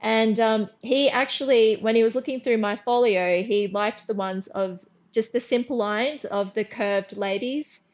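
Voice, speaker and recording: A middle-aged Australian woman, a guest artist, telling lively anecdotes in a casual interview, acting out her own lines and often restarting sentences. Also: a little high, unhurried, few pauses, muffled recording.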